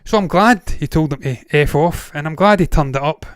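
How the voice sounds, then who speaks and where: Here the same kind of host, a Glaswegian Scot on a movie news show, delivers casual opinionated commentary full of blunt swearing and tangents. He speaks a little fast at a fairly high pitch, and his tone is clear and resonant. There's no room sound, just clean studio audio.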